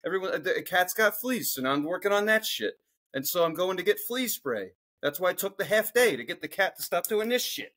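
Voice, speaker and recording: A man's voice: sits high, expressive, fairly quick, a bit bright. A middle-aged man from Philadelphia, co-hosting a podcast and telling a profane, ranting story in casual chat. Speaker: podcast co-host.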